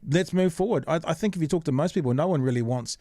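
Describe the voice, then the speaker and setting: A man's voice: fairly high pitch, quick pace, warm tone, no room sound, studio quality. A man hosting a podcast in casual chat, earnest and reasoning things through with fillers and repeats. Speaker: podcast host.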